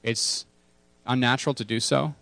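A man's voice: medium pitch, steady tone, normal speed, gravelly, sharp tone, no echo. A man preaching a casual sermon to his congregation, candid and self-deprecating, repeating key words for emphasis. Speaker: pastor.

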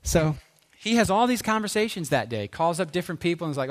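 Animated, fairly high-voiced male preacher. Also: a little fast, hardly any pauses. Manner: animated storyteller, dropping to hushed earnest tones. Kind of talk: sermon storytelling.

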